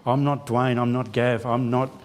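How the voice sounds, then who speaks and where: A man's voice: mid-range voice, flat delivery, moderate pace, darkish tone, slight background noise. A man giving a church sermon as a lay preacher, telling a self-deprecating personal story with quoted dialogue. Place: church sanctuary.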